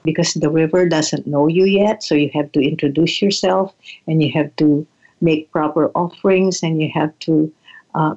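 Older woman with a low, halting voice. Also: fairly even intonation, highs cut off. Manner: halting, repeats words, soft laughs. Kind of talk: reflective storytelling.

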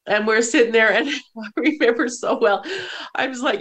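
A woman's voice: on the high side, normal speed, a bit bright. Emotional woman host telling a story. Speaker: podcast host. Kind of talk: casual conversation.

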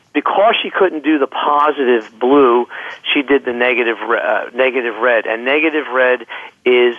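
A man's voice: medium pitch, dry recording. A man explains his ideas as a podcast guest, stumbling through repeated words and restarts. His voice comes through a tinny phone line with a dry, close sound. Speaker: guest, clinical psychologist. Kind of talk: interview conversation.

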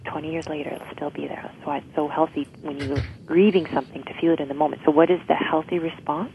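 A woman's voice: sits low, steady tone, fast talker, slight background noise. A woman guest explaining emotional healing in an interview, often checking in with "right?". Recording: tinny phone-like line.

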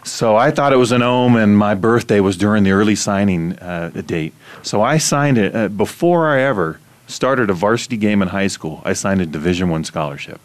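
A middle-aged man from Iowa, hosting a casual conversation and telling stories with animated laughter. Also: fairly low pitch, normal speed, hardly any pauses. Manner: animated storytelling, laughs often. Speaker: host.

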